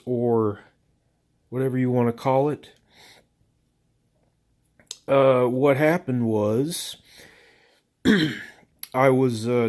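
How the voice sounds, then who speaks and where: A man's voice: medium pitch, warm tone. A man from the American South, a comedian telling a rambling, profane, self-mocking story to camera with lots of filler. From Southern United States. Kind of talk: rambling casual monologue.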